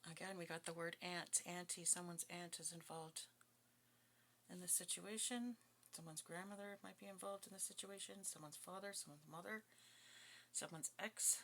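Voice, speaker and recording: A woman's voice: fairly low pitch, fairly bright tone, a little hiss or hum. A woman giving a casual tarot reading, chatty and blunt, breaking into giggles and swearing now and then. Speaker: tarot reader.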